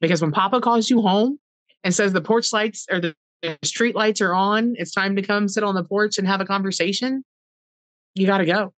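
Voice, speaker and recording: A woman's voice: medium pitch, normal speed, no echo, rough recording. A middle-aged woman, a podcast guest, telling a personal story with heartfelt earnestness, acting out past conversations in quoted dialogue.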